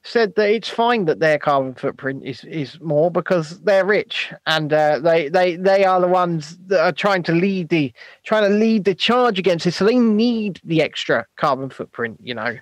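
A man co-hosting a live stream in a laid-back, joking way, often breaking into chuckles. His voice sits fairly high for a man, and the sound is close and dry. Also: lively intonation, moderate pace, dry recording. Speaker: co-host of a live chat show. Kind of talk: casual banter, live stream.

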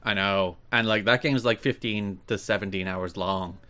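A man hosting a podcast in casual chat, teasing his co-host with dry, deadpan banter. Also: lowish voice, normal speed.

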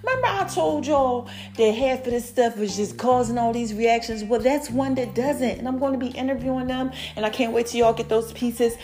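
A woman's voice: fairly high pitch, moderate pace, few pauses, soft background music. Chatty woman hyping her followers. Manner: lively, chatty, calls listeners y'all and baby. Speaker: podcast host. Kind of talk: casual promo update to followers.

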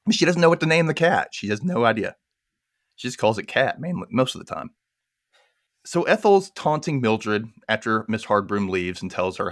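A man hosting a casual podcast, chattily retelling a movie plot in a rambling, animated way. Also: lowish voice, normal speed, pauses often, dry recording, clean studio sound. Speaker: podcast host.

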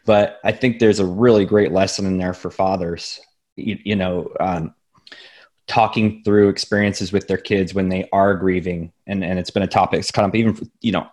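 Man, host, deep voice, flat delivery, earnest. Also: moderate pace. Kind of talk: casual conversation.

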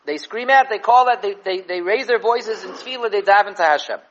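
A man giving an animated Torah class on the weekly portion, mixing Hebrew and Yiddish terms into English and repeating words as he thinks. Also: high voice, a little fast, lo-fi sound, a little hiss or hum. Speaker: Torah teacher.

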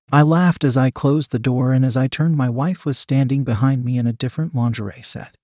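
A man narrating a first-person story in a matter-of-fact, steady way. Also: medium pitch, a little fast, few pauses, dry recording, studio quality.

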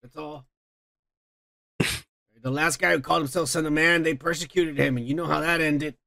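A man's voice: a little high, fairly even intonation, normal speed, creaky, bright, forceful tone, no room sound. A man hosting a casual podcast, rambling and cursing as he reads out listener comments. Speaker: podcast host.

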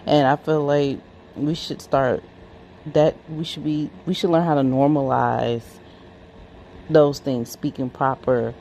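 A woman caller speaks slowly in a gravelly voice, pausing often with fillers. Faint noise and vehicle sounds hum behind her. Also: low voice, steady tone, dark tone. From Atlanta. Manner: halting, with many fillers.

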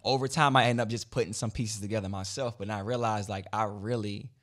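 A man in a casual podcast conversation, explaining his business in a relaxed way, often repeating words and restarting sentences. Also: lowish voice, a little fast. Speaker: guest, credit business owner.

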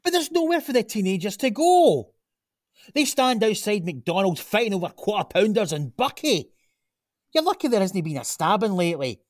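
A high-pitched man with a moderate pace voices a radio drama role in clean studio sound with no room noise. He plays an earnest Glasgow local, grandson of a chip-shop cook, pitching a gym in a persuasive mood, with an earnest, animated delivery.

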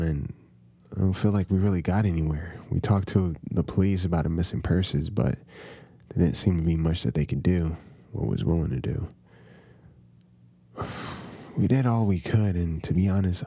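A man's voice: low-pitched, mellow, slightly rough, dry recording. A man hosting a podcast, narrating a first-person horror story in a conversational, confiding way.

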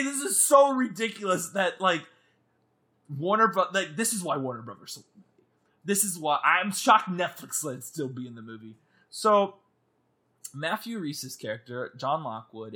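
Casual co-host: man, high and bright voice, very animated delivery. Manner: animated, laughing, mock-screaming. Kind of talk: casual movie chat.

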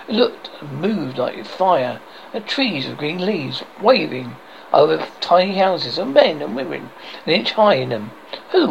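Man with a gravelly voice reading a fairy tale. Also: a little high, highs cut off, slight background noise. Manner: expressive, stumbling over words. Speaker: horror host. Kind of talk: storybook reading.

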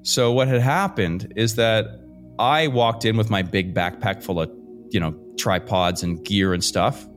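A man from Canada, a podcast guest, telling a story in a lively, casual way with fillers and casual swearing. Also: on the low side, measured pace, faint music behind. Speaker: guest adventurer. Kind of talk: animated storytelling.

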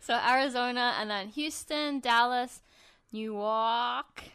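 A woman co-hosting a podcast in casual chat, chatty and quick with asides, swearing now and then. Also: fairly high pitch, animated, a bit bright, dry recording, clean studio sound. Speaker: podcast co-host. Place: LA area.

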